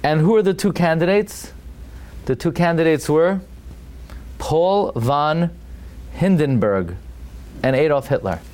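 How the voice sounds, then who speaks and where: A man's voice: on the high side, expressive, unhurried, pauses often, darkish tone. A man teaching a Torah class as a rabbi, telling the story dramatically and with emphasis, full of restarts and Hebrew terms. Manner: sprinkles Hebrew and Yiddish terms.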